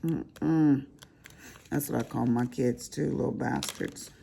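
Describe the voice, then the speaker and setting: A woman's voice: rumbling low, fairly even intonation, takes it slowly, creaky, warm tone, a little hiss or hum. An older woman, chatting casually and teasingly to viewers while she crafts. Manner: chatty, folksy, teasing, addresses viewers as y'all and honey. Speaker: crafting vlogger.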